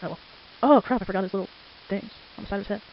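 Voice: medium pitch, rapid-fire. A teenager with a stuffy, congested nose, chatting and rambling casually while drawing at home late at night. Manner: chatty, rambling, easily sidetracked. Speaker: amateur artist. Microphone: desktop microphone. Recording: lo-fi with faint hiss.

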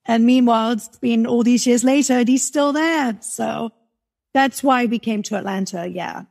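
A woman in her forties from London with a softened English accent, chatting animatedly as an interview guest and laughing often. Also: fairly high pitch, moderate pace, gravelly. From London, England. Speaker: guest, music marketer. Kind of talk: casual interview chat.

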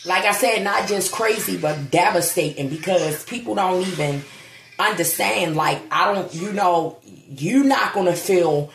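A grieving woman talks slowly and heavily in a gravelly, low-set voice, holding back tears as she speaks. She is blunt and swears. The sound is echoey, as if from a bare room at home. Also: a bit bright, a little hiss or hum. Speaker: vlogger. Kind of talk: casual vlog monologue.

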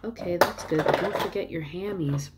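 A woman's voice: on the low side, normal speed, background noise, voice pushed up, close to an everyday voice. A woman voicing a short, cheerful older male basketball coach with a folksy, upbeat way of talking.

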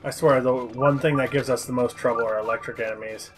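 Dude watching his buddy play, cracking jokes and laughing, ordinary pitch, faint game music. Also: fairly even intonation, fast. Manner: joking, laughs often, gives advice. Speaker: co-commentator. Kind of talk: casual let's-play commentary.

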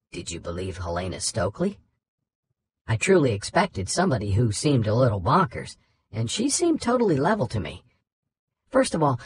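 A man's voice: medium pitch, slight background noise. A man narrating a nonfiction true-crime audiobook, reading first-person interview recollections in a conversational way.

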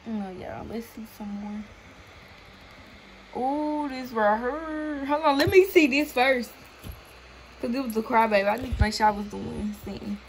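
A woman's voice: on the high side, unhurried, long pauses, a little hiss or hum. A young woman reacting to her old videos in a chatty, giggly way, talking straight to her viewers. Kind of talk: casual reaction chat. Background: music.

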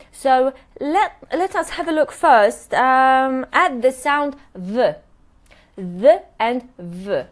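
A woman with a voice on the high side teaches English pronunciation in a live online workshop. She models words slowly and checks in with "yes?" after nearly every point.

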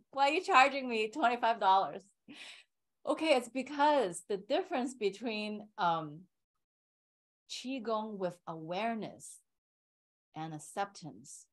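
Slow-paced woman teaching qigong. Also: fairly low pitch, poor audio. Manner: explains slowly, often checks in with "right?" and "okay". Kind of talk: teaching an online class.

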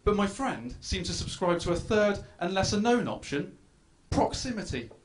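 A man's voice: high voice, big pitch swings, normal speed, slight background noise. A man doing a self-deprecating stand-up set on a club stage, chatting with the crowd. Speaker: stand-up comedian. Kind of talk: stand-up routine.

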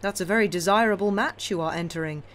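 A woman reading a calm ironic count. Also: medium pitch, fast, slight background noise, close to an everyday voice. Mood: smooth, ironic. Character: calm, ironic older male count, commanding and sly.

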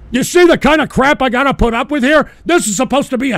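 A middle-aged man hosting a live stream show, reading chat donations with a profane, irritable manner and bursts of shouting. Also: very high-pitched, fast talker, no room sound. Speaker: livestream show host.

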